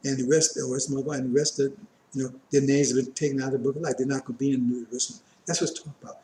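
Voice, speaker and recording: Racing through his lesson in a flat, mellow, medium-pitched voice, this man reads Bible verses and unpacks them casually with frequent tangents. Strain and coughs break up his speech as a religious teacher, and the audio sounds roomy with a bit of background noise.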